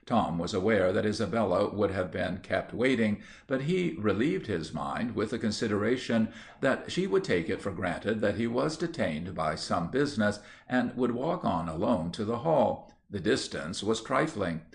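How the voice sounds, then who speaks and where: Creaky-voiced male storybook reader. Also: fairly low pitch, animated. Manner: measured literary reading. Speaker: audiobook reader. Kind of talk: storybook narration.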